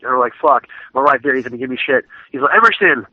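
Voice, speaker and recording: A man's voice: medium pitch, little pitch movement, fast talker, dry recording. A man in his thirties, an MMA fighter telling laid-back, profane stories in a casual interview. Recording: dull, lo-fi dry sound.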